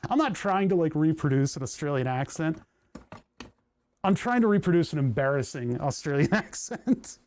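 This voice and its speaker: A man's voice: on the high side, expressive, moderate pace, darkish tone. A man from New Jersey chatting casually on a live stream, rambling and chuckling as he thinks aloud while working on electronics. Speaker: livestreamer building electronics.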